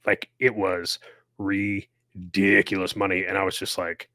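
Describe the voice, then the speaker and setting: A man co-hosts a podcast with a very low voice, talking in a laid-back, easygoing way. He often restarts and repeats words. The sound is close and dry. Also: little pitch movement, measured pace, sharp tone, no room sound. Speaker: podcast co-host, retired soldier. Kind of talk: casual chat.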